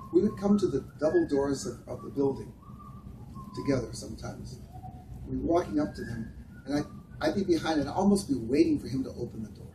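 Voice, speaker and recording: A man giving an earnest, reflective talk with personal stories to volunteers, speaking unhurriedly with frequent pauses. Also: medium pitch. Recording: echoey room, heard from a distance, noisy.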